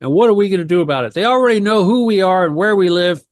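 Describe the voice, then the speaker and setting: A man's voice: sits high, lively intonation, quick pace, no echo, studio quality. A man talking on a radio talk show, rambling and heated, firing off rhetorical questions.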